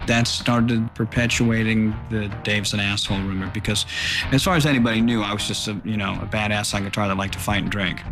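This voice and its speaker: A man's voice: lowish voice, steady tone, a little fast, over music. A man in an interview, recounting old band fights in a blunt, matter-of-fact way.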